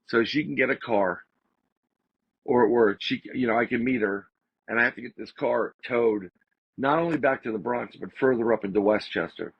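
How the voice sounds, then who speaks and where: A man, a podcast guest, telling a story in a casual, animated way and repeating phrases for emphasis. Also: medium pitch, normal speed, creaky, breathy edge. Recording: slightly dull lo-fi audio.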